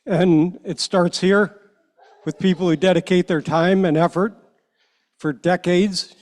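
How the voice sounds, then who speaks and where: A man addressing a public meeting as a panel member, earnest and a little halting, emotional as he speaks. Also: high-pitched. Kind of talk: heartfelt speech at a meeting. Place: meeting room.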